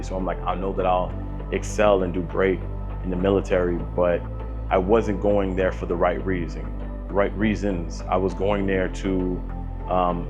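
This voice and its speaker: Low-voiced man, soft and halting. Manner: soft-spoken, halting, many ums and restarts. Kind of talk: personal grief story, casual telling. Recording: dull lo-fi audio with music behind. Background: soft instrumental music.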